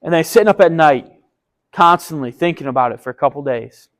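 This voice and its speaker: A man's voice: on the high side, animated, brisk, poor audio. A man preaching a casual sermon, retelling a story in a chatty, enthusiastic and slangy way. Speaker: pastor.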